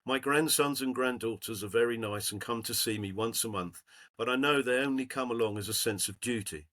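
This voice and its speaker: A man's voice: mid-range voice, fairly quick, a bit bright. A man in casual chat, reading a letter aloud to friends and building playfully to a punchline.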